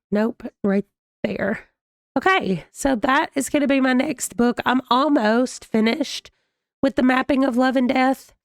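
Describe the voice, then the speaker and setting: A woman's voice: fairly high pitch, gravelly, dry recording, studio quality. Sick woman gushing about books. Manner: chatty, gushing, Southern "y'all". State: sick, voice strained. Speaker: booktuber host. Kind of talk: casual reading vlog chat. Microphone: desk microphone.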